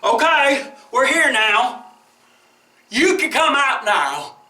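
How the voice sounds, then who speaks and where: A man's voice: sits high, sing-song, slow, heavy background noise, pitched above the performer's own voice, exaggerated voice. A man voicing a jolly, hungry male whale who keeps hiccupping, in a playful, exclamatory storybook manner. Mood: impatient. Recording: roomy echo from a distant mic.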